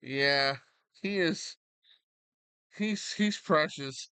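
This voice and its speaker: A man's voice: a little high, drawn-out words, pushed and bright, smooth, no room sound. A man casually chatting on a live stream at home, rambling to his viewers and his dog beside him.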